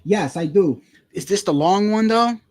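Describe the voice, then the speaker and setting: A man's voice: sits high, lively intonation, unhurried, a little mellow, no echo, clean studio sound. A man giving casual, heated commentary, profane and repeating himself as he rants. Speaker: boxing commentary streamer.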